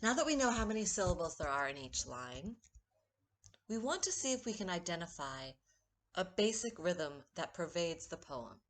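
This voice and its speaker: A woman poet giving a recorded poetry lesson, speaking in a measured way and stressing the rhythm when she reads verse. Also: fairly low pitch, very animated. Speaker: poet teaching a workshop.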